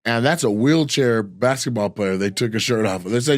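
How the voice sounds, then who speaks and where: A man's voice: medium pitch, a little fast, no echo. Guy telling a wild travel story, acts out everybody's voices, dry close sound. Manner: animated, acts out voices of people in his stories. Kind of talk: casual storytelling chat.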